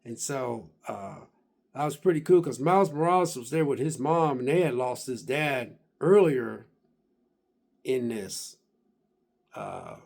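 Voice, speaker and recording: A man's voice: mid-range voice, measured pace, gravelly. A man casually recapping a video game he finished, rambling with lots of fillers and restarts. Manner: excited and emphatic about finishing. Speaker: gaming vlogger.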